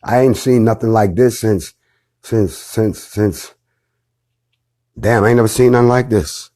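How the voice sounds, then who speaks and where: A man's voice: on the low side, measured pace, mellow. A middle-aged man leading an organization, talking to his followers in a casual, emphatic livestream with blunt slang and profanity. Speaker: organization leader addressing followers.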